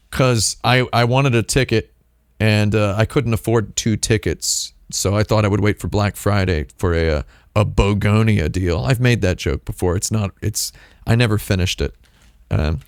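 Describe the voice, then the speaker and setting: A man with a fairly low voice talks through a casual livestream in a loose, rambling way. He often cuts himself off and restarts, tossing in wry asides. The sound is dry and close, with no room around it. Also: no echo. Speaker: streamer host.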